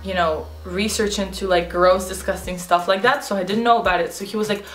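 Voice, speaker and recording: A young woman tells a casual storytime straight to camera. She talks in quick bursts and says "like" every few words. Her voice sits at an ordinary pitch, with a roomy echo around it and soft music underneath. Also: fairly even intonation. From Russia. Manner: chatty, rapid, peppered with "like". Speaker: vlogger.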